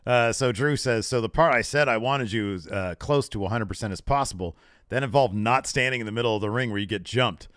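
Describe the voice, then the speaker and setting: A man's voice: mid-range voice, brisk, fairly bright tone, no echo, studio quality. A man co-hosting a podcast in casual chat, retelling scenes and reading characters' lines with laughs. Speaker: podcast co-host.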